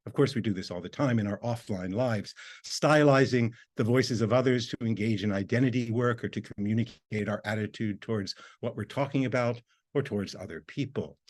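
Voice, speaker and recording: A man giving an academic video lecture as a university lecturer, explaining in a measured way. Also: lowish voice.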